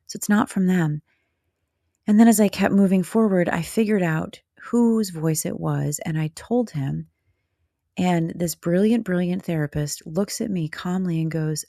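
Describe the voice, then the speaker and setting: A woman's voice: on the low side, normal speed, gravelly, dark tone, no echo, clean studio sound. A woman hosting a reflective podcast monologue, speaking candidly and directly to the listener in a motherly, blunt way. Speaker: podcast host.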